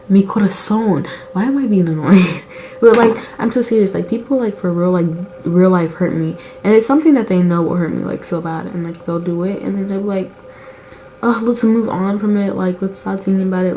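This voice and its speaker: A woman's voice: mid-range voice, mellow, a little hiss or hum, poor audio. A girl in her late teens chatting casually while doing her makeup, rambling and confessional, with lots of "like" fillers. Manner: candid and emotional about her feelings. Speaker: beauty vlogger.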